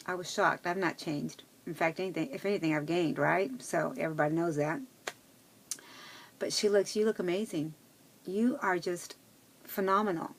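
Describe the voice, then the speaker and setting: A woman's voice: on the low side, moderate pace, creaky, slight background noise. A middle-aged woman talking to her viewers in a casual personal vlog, chatty and rambling, with many fillers and restarts. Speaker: vlogger.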